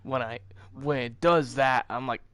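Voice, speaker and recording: A man's voice: medium pitch, unhurried, fairly bright tone, smooth, dry recording. A man chatting casually with a friend on a stream, giving short sympathetic replies. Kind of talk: casual chat.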